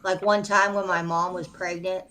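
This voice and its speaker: Lowish-voiced woman telling a story. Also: level tone, normal speed, over a noisy crowd. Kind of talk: casual late-night chat.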